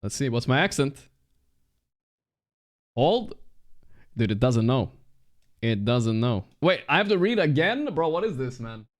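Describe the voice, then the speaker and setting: A man's voice: medium pitch, animated, measured pace, long pauses. A young man with a Swedish accent, casually commentating and chatting on his stream, swearing freely and joking at his own expense. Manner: swears a lot, casual slang, laughs at himself.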